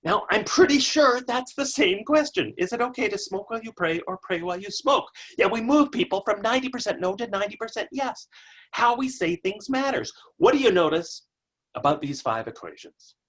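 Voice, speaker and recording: An energetic man delivering a motivational keynote by webcast, telling stories and tossing in playful asides. His pitch rises and falls in wide, lively swings. The voice has a light husky roughness. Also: a little fast. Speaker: keynote speaker.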